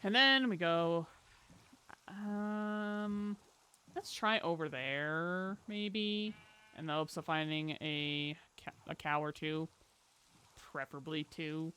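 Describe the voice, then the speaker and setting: A live streamer chatting casually and playfully over gameplay, talking to viewers and a pet and breaking into loud exclamations. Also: mid-range voice, slow, smooth.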